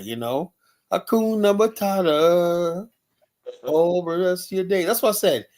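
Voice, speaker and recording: A man with a New York accent rambles through a casual opinion chat as host. He keeps looping back with "you know" and stays animated. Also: mid-range voice. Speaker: show host.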